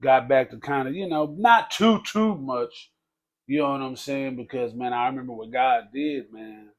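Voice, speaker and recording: A man telling his life story in a casual podcast conversation, talking loosely and dropping low to quote others. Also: moderate pace. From Texas. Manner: conversational, peppers speech with "man" and "bro", drops low for quoted speech. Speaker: podcast guest.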